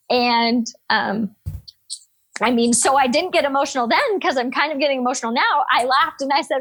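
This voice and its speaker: A woman in her thirties, a nurse and podcast guest, telling a story in an energetic, upbeat, animated way. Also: high-pitched, normal speed. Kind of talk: casual storytelling interview.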